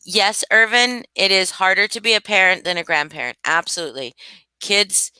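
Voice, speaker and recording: Older woman with a bright, forceful voice. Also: mid-range voice, moderate pace, clear, resonant tone, no room sound. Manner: swears freely, laughs often, animated storytelling. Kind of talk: casual live-stream chat.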